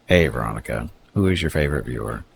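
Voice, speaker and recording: A man's voice: very deep voice, animated, quick pace, creaky, a little hiss or hum. A man streaming a strategy game, casually reading out unit stats and greeting viewers. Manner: reads unit stats aloud, chats with viewers. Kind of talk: casual live-stream commentary.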